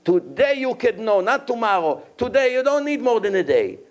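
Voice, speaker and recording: Animated rabbi lecturing. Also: male voice, extremely high pitch, moderate pace. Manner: animated, acts out quoted dialogue in a raised voice; non-native English with grammar slips. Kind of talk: Torah lecture.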